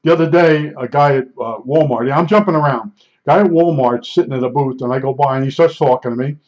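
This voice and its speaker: A man's voice: mid-range voice, quick pace, a little mellow. A man in his sixties telling a digressive, folksy and blunt story in a casual monologue. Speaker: vlogger. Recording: dull lo-fi recording.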